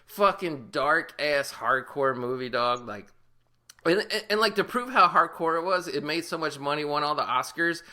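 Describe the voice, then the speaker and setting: A man's voice: on the high side, lively intonation, moderate pace, sharp tone. A man co-hosting a podcast, giving a profane, rambling movie recap and laughing often. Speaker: podcast co-host. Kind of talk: casual movie review chat.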